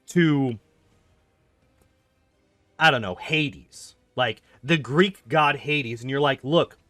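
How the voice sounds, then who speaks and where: Slightly high-voiced, a young man streams gameplay with casual, animated ranting full of swearing and filler "like"s. No echo is present.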